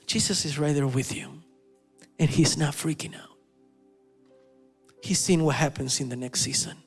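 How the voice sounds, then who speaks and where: A male preacher giving an animated sermon, telling stories and acting out the quotes. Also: fairly high pitch, normal speed, creaky, slightly rough, soft background music. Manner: animated, storytelling, with acted-out quotes.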